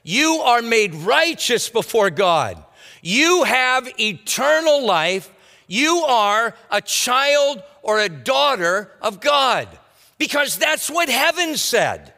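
Animated high-voiced man preaching. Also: slow pace, gravelly, big-room sound. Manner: conversational, folksy teaching with asides. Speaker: pastor. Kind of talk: expository sermon.

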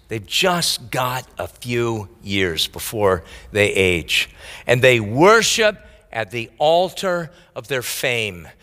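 A man's voice: fairly high pitch, pushed and bright. A man preaching a sermon, telling a Bible story in casual, modern speech and acting out the characters' lines. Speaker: pastor. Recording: echoey hall.

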